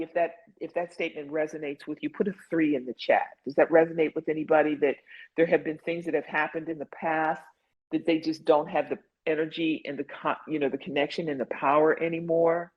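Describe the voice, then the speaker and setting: A woman with a deep voice and fairly even intonation guides an online support group session, talking a little fast. The call audio is dull and lo-fi. She sounds earnest and conversational, leaning heavily on "like" and "you know."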